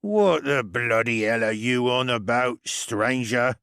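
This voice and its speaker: Man playing a drunk dwarf thug, male, rough slurred voice, slow menacing drawl, audiobook villain. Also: mid-range voice, sing-song, no echo, clean studio sound, voice pushed up. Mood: sneering.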